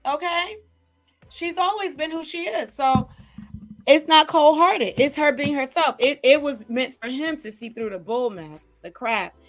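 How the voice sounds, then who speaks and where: A woman's voice: high voice, lively intonation, moderate pace, few pauses, faint music behind. Chatty gossiping woman vlogger. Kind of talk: casual commentary to a live chat.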